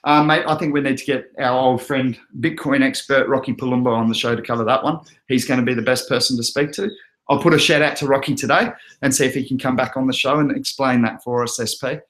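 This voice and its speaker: Reading viewer comments on his casual crypto live stream, a young man with an Australian accent chats and laughs often. He speaks at a quick pace with medium pitch, fairly even intonation and a fairly bright tone, recorded in an echoey room.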